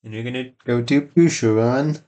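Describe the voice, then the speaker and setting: A man talks through a video game he is playing in a low-key, unhurried way. His pitch sits in the middle, and the tone stays casual. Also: mellow. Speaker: gameplay channel host. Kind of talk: casual gameplay commentary.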